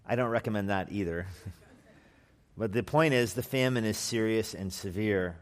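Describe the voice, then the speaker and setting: A man's voice: lowish voice, measured pace. A man preaching an expository sermon as pastor in a conversational manner with wry asides, sometimes acting out quoted voices. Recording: long hall reverb.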